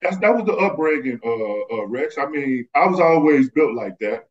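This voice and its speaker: A man from Texas, a former basketball player, telling animated stories as a podcast guest and acting out the people he quotes. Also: mid-range voice, normal speed. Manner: animated, acts out quoted voices. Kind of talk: casual storytelling. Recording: slightly muffled lo-fi audio.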